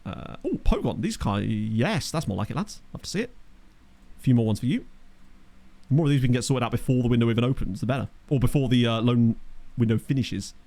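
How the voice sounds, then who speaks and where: A man's voice: medium pitch, animated, quick pace, dark tone. Chatty young man streaming. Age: young adult. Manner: chatty, wry asides, reacting to chat. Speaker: game streamer. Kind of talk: casual live-stream commentary. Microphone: desk microphone.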